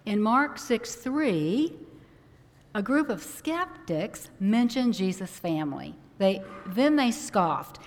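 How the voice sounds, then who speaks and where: A woman minister giving a conversational sermon, growing animated when she acts out a worried parent. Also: mid-range voice, slow. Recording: long hall reverb.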